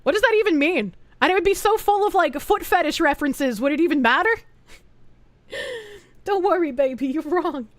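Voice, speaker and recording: A woman's voice: extremely high pitch, animated, dry recording. A woman streamer reading out posts to her chat in a casual, profane, exasperated way. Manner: profane, exasperated, quick to gasp and laugh.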